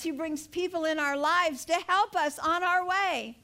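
An older woman delivers a sermon from scripture in a high, bright voice. She speaks earnestly and builds to fervent emphasis on key words. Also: unhurried, few pauses. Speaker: pastor.

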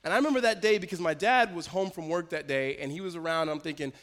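A male pastor telling a personal story in a sermon, in a lively storytelling manner with quick restarts. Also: fairly high pitch. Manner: storytelling, animated, self-interrupting with laughs. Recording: long hall reverb.

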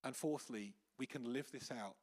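A man preaching a sermon in church, telling stories with animated quoted voices. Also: mid-range voice, normal speed, slightly rough. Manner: anecdotal storytelling with lively acted quotes. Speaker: pastor. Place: church hall with congregation.

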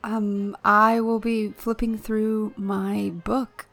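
A woman playing a tabletop game, speaking hesitantly with many pauses and "um"s. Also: mid-range voice, flat delivery, a bit bright. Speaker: player.

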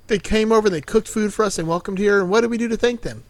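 A man with a slightly higher voice chats loosely through a film recap, cursing and chuckling as he goes. His voice sits close and dry on the mic, with no room sound around it. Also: fast talker, dry recording. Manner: laid-back, swears freely, laughs often, acts out quotes. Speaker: podcast host. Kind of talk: casual movie recap chat.

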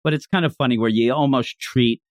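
A man co-hosting a casual chat about a story he is reviewing. He is animated and acts out the scenes in funny voices. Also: medium pitch, brisk, no room sound, studio quality. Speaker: podcast co-host.

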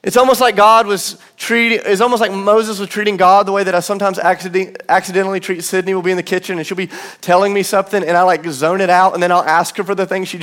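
A man in his thirties preaching a sermon as pastor, earnest and emphatic, slowing down for weight and dropping to soft low asides. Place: church auditorium.

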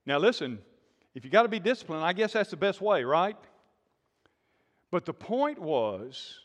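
A man preaching a sermon in a lively call-and-response style, with sudden loud bursts. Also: a little high. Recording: long hall reverb.

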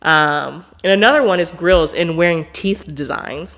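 A woman's voice: on the low side, a little slow. A woman hosting a podcast in a casual monologue, blunt, emphatic and profane, filling her talk with "like". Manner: animated, with frequent "like" fillers. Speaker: podcast host.

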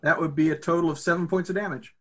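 A man playing a tabletop game, quick and jokey. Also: on the high side, fairly even intonation, a bit bright. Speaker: player. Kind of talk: tabletop role-play.

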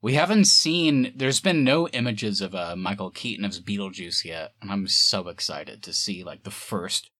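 A man hosting a podcast in casual chat, animated and quick to laugh. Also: on the low side, dry recording, studio quality. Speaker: podcast host.

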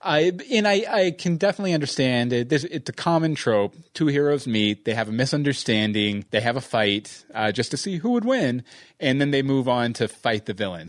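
A man chatting on a podcast in an even, middle-pitched voice, excited and rambling, often restarting his sentences. The sound is dry and close, with no room around it. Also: dry recording. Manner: rambling, restarts often, enthusiastic fan analysis. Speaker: podcast co-host. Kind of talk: casual chat.

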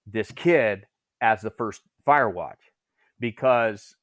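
A middle-aged man telling a story casually, animating the shouted quotes in his tale. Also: lowish voice, animated, slow pace, no echo. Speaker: former Marine drill instructor telling a story.

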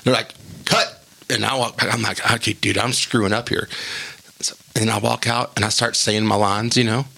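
Casual male podcast co-host, gravelly and bright, rambling storyteller. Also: fairly low pitch, brisk. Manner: rambling, animated, acts out quotes.

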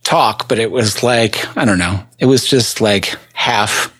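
A man, a band member co-hosting a podcast, telling a story in halting, searching phrases full of restarts. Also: on the low side, fairly bright tone, slightly rough. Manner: halting, restarts often, slow and searching for words. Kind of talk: casual chat.

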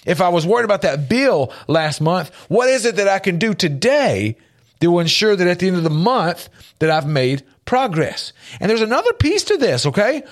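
A man's voice: high voice, big pitch swings, normal speed. A man hosting a faith-based motivational radio talk from a studio, earnest and emphatic, repeating key phrases for effect. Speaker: radio host. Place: radio studio with a large window.

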